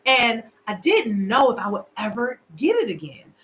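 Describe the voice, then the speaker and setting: A woman's voice: a little high, big pitch swings, moderate pace, a bit bright, soft background music, low-quality recording. A middle-aged woman hosting a casual livestream, candid and emotional, talking straight to her viewers. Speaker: show host. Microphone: livestream camera.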